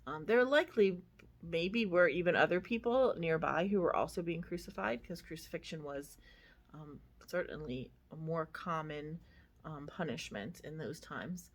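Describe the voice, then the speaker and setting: A woman's voice: sits low, normal speed. A woman pastor giving a casual devotional reflection, talking conversationally with many fillers and asides.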